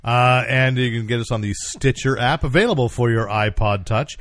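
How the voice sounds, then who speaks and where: A man's voice: medium pitch, moderate pace, a bit bright, no room sound. A man hosting a casual podcast chat, rambling and chuckling as he interrupts himself. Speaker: podcast host.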